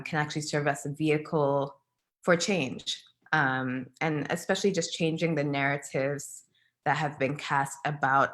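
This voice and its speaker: Low-voiced young woman hosting online. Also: fairly bright tone, poor audio. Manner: friendly with many ums. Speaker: host. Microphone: video call.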